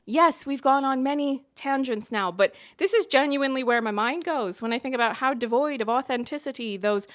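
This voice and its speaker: A woman's voice: high voice, brisk, hardly any pauses. A woman vlogger giving articulate, emphatic, opinionated commentary. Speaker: book and film vlogger.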